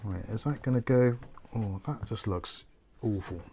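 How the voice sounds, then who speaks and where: A man's voice: fairly low pitch, moderate pace, vocal fry, mellow, slight background noise. A man with a Bristolian accent hosting a livestream, chatting casually and thinking aloud while he builds a PC.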